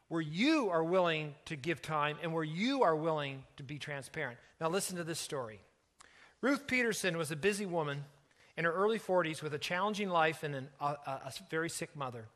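Earnest pastor telling a story. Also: male voice, a little high. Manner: earnest, slows and softens for emotional moments. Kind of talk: sermon storytelling.

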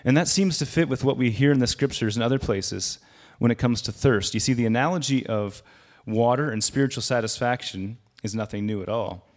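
A man's voice: mid-range voice, a little fast, few pauses. A man giving a sermon as a guest preacher, speaking conversationally and raising his voice for quoted lines.

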